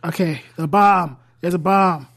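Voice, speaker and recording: Deadpan, exasperated tabletop player. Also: mid-range voice, measured pace, creaky. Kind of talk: tabletop role-play, playing in character.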